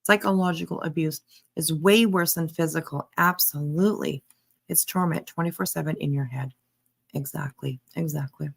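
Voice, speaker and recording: A woman's voice: low-pitched, normal speed, vocal fry, slightly rough. A woman reacting to a clip on a live stream, blunt and emphatic, talking straight back at the person on screen. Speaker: commentary streamer.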